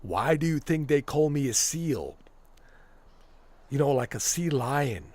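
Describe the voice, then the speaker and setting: A man doing an impression of a boastful older ex-commando celebrity, talking in a slow, self-important drawl. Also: a little high, expressive, a little mellow.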